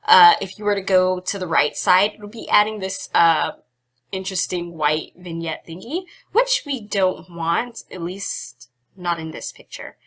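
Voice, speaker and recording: A young woman hosts a casual software tutorial in a bright, clear voice. She stays chatty and giggly and pokes fun at herself between steps. She sounds slightly out of breath. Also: lowish voice, measured pace. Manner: chatty, giggly, self-deprecating asides. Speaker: photography tutorial host.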